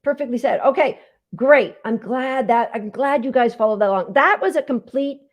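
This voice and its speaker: A woman's voice: high voice, moderate pace. A woman dog trainer hosting a casual live Q&A, chatty and emphatic, talking straight to her viewers. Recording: dull lo-fi sound.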